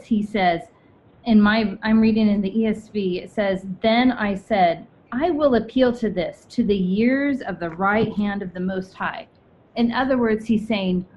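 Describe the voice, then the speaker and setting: A woman talks through a devotional in an earnest, reflective way, often restarting her sentences. The sound is dull and lo-fi, like a video call, with a faint rumble underneath. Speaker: church member sharing a devotional. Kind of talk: informal devotional talk. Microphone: video call mic.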